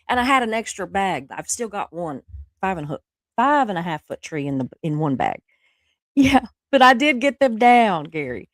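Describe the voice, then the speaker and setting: A woman's voice: medium pitch, no room sound. Middle-aged woman, flu-sick livestream host, chatty and rambling, mid-range voice, dry sound. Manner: rambling, chatty, laughs often, reads chat aloud. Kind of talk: casual chat with live viewers.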